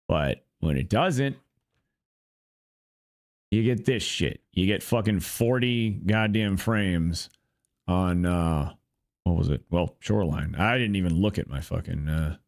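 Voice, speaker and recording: A man's voice: low-pitched, creaky, no echo, clean studio sound. A young man hosting a gameplay channel, rambling through casual commentary with profane, frustrated grumbling. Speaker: gaming channel host.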